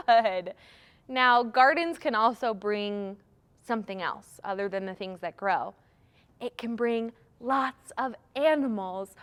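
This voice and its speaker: A young adult woman runs a children's storytime, reciting garden rhymes. Her voice sits high and moves slowly, drawing out each line. She gasps theatrically and mimics animal sounds. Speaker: children's librarian leading storytime.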